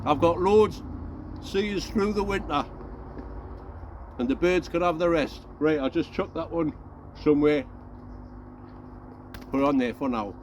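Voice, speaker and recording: A man with a high voice chats away outdoors on his allotment, rambling off topic and chuckling at himself as he talks to his viewers. Faint outdoor noise and the odd passing vehicle sit behind him. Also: measured pace, pauses often. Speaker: allotment gardening vlogger. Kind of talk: casual chat to camera.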